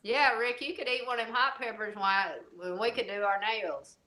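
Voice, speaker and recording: A woman's voice: a little high, fairly even intonation, moderate pace, pushed and bright. A woman co-hosting a casual chat in a playful, teasing way. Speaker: co-host.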